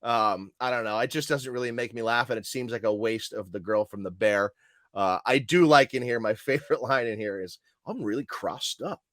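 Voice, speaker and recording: A man co-hosting a casual podcast chat, laughing often and quoting lines in animated bursts. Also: mid-range voice, fairly quick, no echo, studio quality. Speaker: podcast co-host.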